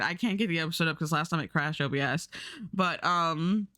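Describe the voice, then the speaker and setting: A woman's voice: lowish voice, fairly quick, pushed and bright, clear, resonant tone, no room sound. Chatty lady streamer rambling while she draws, laughs a lot, dry close mic. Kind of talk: casual live-stream chat while drawing. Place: home streaming setup.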